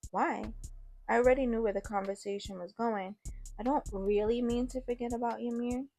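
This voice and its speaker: A woman telling a first-person story in a casual, conversational voice. Her voice sits fairly high with a gravelly creak, and faint music plays underneath. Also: steady tone, fairly quick, dark tone. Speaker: narrator.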